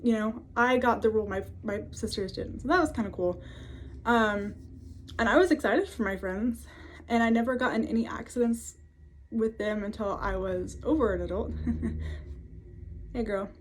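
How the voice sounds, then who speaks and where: A woman's voice: on the high side, moderate pace, long pauses, slight background noise. Woman, mid-twenties, casual vlog, chatty, fillers, home office. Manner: chatty, many fillers, laughs often. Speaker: vlogger. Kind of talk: casual storytelling to camera.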